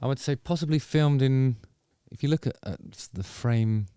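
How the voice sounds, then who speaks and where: A man's voice: medium pitch, moderate pace, dark tone, clear, resonant tone, dry recording, studio quality. A man hosting a music review video, musing through casual reaction commentary and trailing off into self-corrections. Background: faint music from the video under review.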